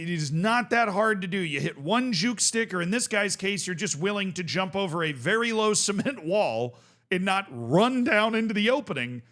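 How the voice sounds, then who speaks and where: Man, young adult, high voice, casual reaction commentary, amused, quick to laugh. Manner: excitable, amused, often breaks into laughter. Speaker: video reaction host.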